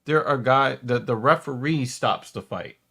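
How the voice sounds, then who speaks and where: A man's voice: mid-range voice, unhurried, sharp tone. Profane, argumentative man in a casual chat. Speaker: watch party co-host. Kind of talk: casual chat reacting to clips.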